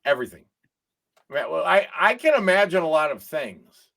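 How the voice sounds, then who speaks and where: A man hosting a pirate-themed finance talk show, playful and quick to react. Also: a little high, gravelly. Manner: playful, lively, reacts with disbelief. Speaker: host.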